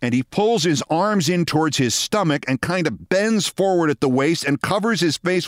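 A man's voice: fairly high pitch, lively intonation, moderate pace, hardly any pauses, dry recording, studio quality. A man in his sixties hosting his own show, telling a personal story in a wry, theatrical way. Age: 60s. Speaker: host.

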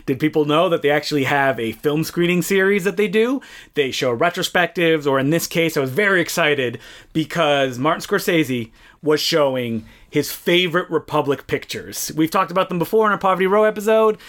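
A young adult man co-hosting a casual film podcast, telling a story with animated acted-out quotes. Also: fairly high pitch, brisk. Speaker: podcast co-host.

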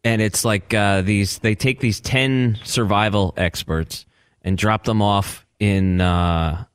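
A man's voice: fairly low pitch, fairly even intonation, takes it slowly, clean tone, dry recording, clean studio sound. A man co-hosting a talk show in casual chat, telling rambling stories and acting out voices. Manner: rambling storyteller who acts out voices. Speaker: radio show co-host.

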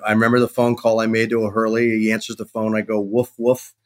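A middle-aged man, a guest on a podcast, telling a lively anecdote and acting out the dialogue of the people in it. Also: fairly low pitch, fast talker. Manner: animated anecdote-telling, acts out quoted dialogue. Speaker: sports television executive, guest. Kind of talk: casual storytelling in a podcast interview.

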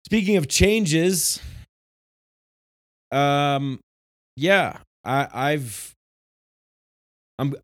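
A man's voice: a little high, expressive, extremely slow, long pauses, dry recording, studio quality. Passionate rambling man. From New York. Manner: passionate, rambling, many restarts. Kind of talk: casual spiritual monologue.

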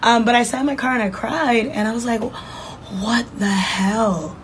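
A woman's voice: fairly high pitch, steady tone, fast talker, a little hiss or hum, low-quality recording. A woman from New Jersey, a writer and poet, telling a personal story candidly and emotionally as a podcast guest, with some casual swearing.

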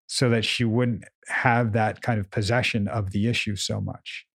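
A man's voice: lowish voice, steady tone, normal speed, gravelly, few pauses, a bit bright, breathy edge, no echo, studio quality. A man co-hosting a casual chat, explaining his coaching approach emphatically and often repeating words as he thinks. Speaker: podcast co-host, coach.

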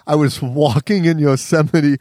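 A man's voice: fairly high pitch, steady tone, normal speed, a little mellow, no room sound, studio quality. A man co-hosting a podcast in casual chat, wry and reluctant, telling anecdotes. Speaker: podcast co-host.

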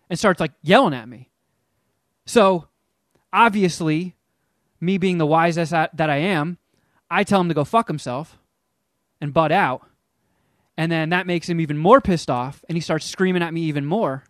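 Brief: man, fairly high voice, dry close sound, casual comic storyteller. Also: moderate pace, dry recording. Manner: animated, rambling, self-mocking; acts out quotes in character voices. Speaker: podcast co-host.

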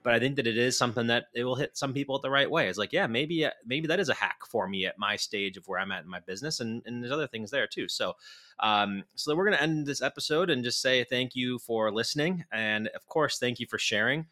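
A man's voice: mid-range voice, fast, bright, forceful tone. A man co-hosting a business podcast in loose, rambling casual chat, often restarting his words. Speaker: podcast co-host.

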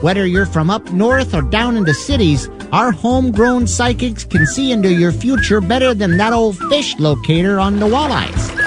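A woman's voice: mid-range voice, animated, moderate pace, hardly any pauses, over loud music, close to an everyday voice. A woman voicing a chummy Minnesota ad announcer with a Minnesota accent. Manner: chummy, sing-song.

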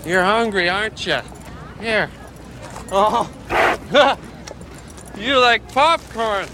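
An actor playing a gentle, hapless man who feeds a horse, speaking softly and sweetly in a film clip. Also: high voice, animated, extremely slow, exaggerated voice. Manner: sweet, soft-spoken, pleading. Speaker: film character. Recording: film clip with street noise.

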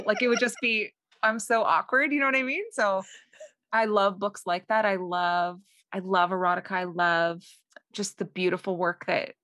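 A woman's voice: medium pitch, steady tone, moderate pace, fairly bright tone, no room sound, clean studio sound. A Canadian woman being interviewed as a guest author, chatty and self-deprecating, laughing easily. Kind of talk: casual interview chat.

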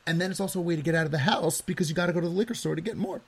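A man hosting a podcast in a casual interview, chatty and full of quick asides. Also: fairly high pitch, husky. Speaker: podcast host.

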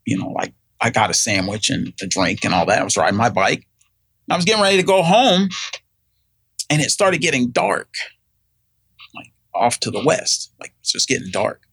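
A gravelly, middle-aged man with a mid-range, fairly bright voice is a guest telling a personal story casually. He rambles with plenty of fillers and restarts and slips into the voices of people he quotes. The recording is close and dry, with no room sound.

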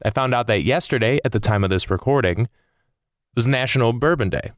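Exasperated ranting man, smooth dry voice. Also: medium pitch, fairly quick, dry recording. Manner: exasperated ranting, swearing, rambling. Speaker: comedian podcast host. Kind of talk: casual comedic monologue.

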